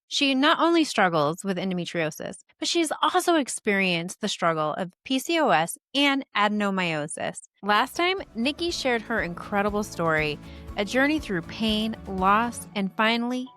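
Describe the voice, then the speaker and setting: A woman in her thirties hosts a podcast, speaking earnestly and emotionally in quick bursts about motherhood and illness in a conversational way. Her mid-range voice is a bit bright, captured in a dry, clean studio recording.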